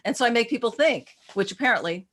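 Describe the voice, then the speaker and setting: A woman practitioner and teacher in a casual interview, telling animated stories and acting out quoted voices with many restarts. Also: fairly high pitch, quick pace.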